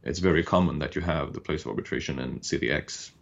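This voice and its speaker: A man's voice: extremely low pitch, fast talker, gravelly, muffled recording, slight background noise. A man from Sweden in his thirties, co-hosting a podcast and explaining legal ideas in a thoughtful way with many restarts. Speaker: podcast co-host. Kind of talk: casual podcast chat and explanation.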